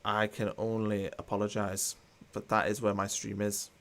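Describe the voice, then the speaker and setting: A man's voice: lowish voice, completely flat delivery, moderate pace. A man hosting a live football watchalong, chatting casually and reading out viewer comments with a dry, mildly sarcastic tone. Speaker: watchalong host.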